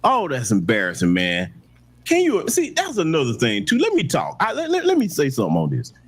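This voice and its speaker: A man's voice: fairly high pitch, wildly swooping pitch, fairly quick, husky. A man hosting a political commentary show, talking back at clips in a mocking, preachy way.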